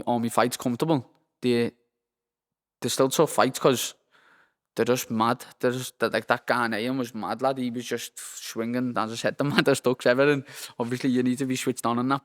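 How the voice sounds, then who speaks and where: A young man with a Liverpool accent, a professional boxer chatting as a guest in a rambling, sweary way and saying "lad" constantly. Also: medium pitch. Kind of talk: casual interview chat. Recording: long hall reverb.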